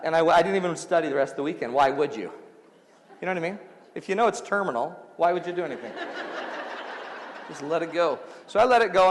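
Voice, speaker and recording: A man hosting a radio show, then giving a lively motivational speech to a large audience, telling stories and acting out the dialogue. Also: on the high side, long reverb tail. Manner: animated storyteller, acts out dialogue, audience laughter. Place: large hall before an audience.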